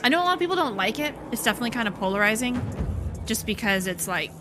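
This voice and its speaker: A woman's voice: fairly high pitch, sing-song, very fast, music in the background. Chatty joking woman streamer. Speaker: game streamer. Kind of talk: casual gameplay commentary.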